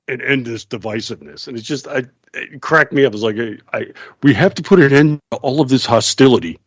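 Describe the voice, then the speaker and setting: A man's voice: medium pitch, moderate pace, dry recording, lo-fi sound. A man hosting a casual radio talk show, sarcastic and laughing often as he mocks other people's voices. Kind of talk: casual chat.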